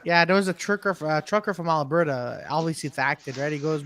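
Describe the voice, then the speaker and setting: A man co-hosting a casual podcast chat, an animated storyteller who mimics people as he talks. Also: fairly high pitch, fairly quick, hardly any pauses. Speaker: podcast co-host.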